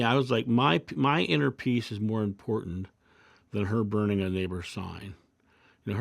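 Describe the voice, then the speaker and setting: A man hosting his own video channel, reflecting calmly through personal anecdotes and parables in a casual monologue. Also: mid-range voice, vocal fry, no echo, studio quality. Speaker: video host.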